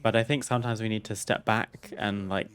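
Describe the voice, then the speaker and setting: A man's voice: lowish voice, fairly even intonation, fairly quick. A man streaming a game, chatting casually and candidly as he tells a personal story, laughing and swearing freely. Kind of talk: casual storytelling over gameplay.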